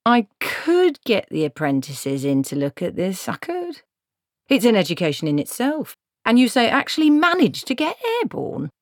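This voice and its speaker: A woman voicing a fussy, evasive male dwarf craftsman who talks slowly and deliberately. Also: medium pitch, sing-song, no room sound, studio quality, voice pushed up. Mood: appraising. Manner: slow, deliberate, pondering.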